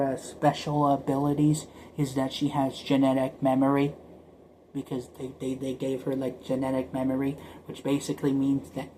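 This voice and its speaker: Man, casual vlogger, rambling and stuttering, mid pitch, slight background hiss. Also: dark tone, rough recording. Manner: rambling, repeats words, stutters; drops to whispers at times.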